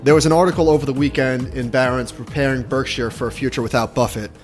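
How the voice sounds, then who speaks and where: A man's voice: mid-range voice, fairly even intonation, fast talker, soft background music. A man co-hosting a podcast, who leads the topics and chats casually about markets. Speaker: podcast co-host. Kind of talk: casual finance chat.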